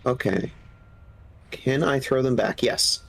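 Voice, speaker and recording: A man with a husky voice from a cold, chatting casually and eagerly explaining game lore while streaming. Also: medium pitch, slow, fairly bright tone, rough recording. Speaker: gaming streamer. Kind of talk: casual gaming stream chat.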